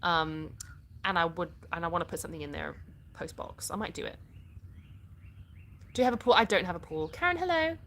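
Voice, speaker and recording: A woman's voice: on the low side, lively intonation, a little fast, pauses often, fairly bright tone. A middle-aged British woman from the UK, chatting casually on a live stream, reading and answering viewers' comments and laughing often. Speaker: livestream host.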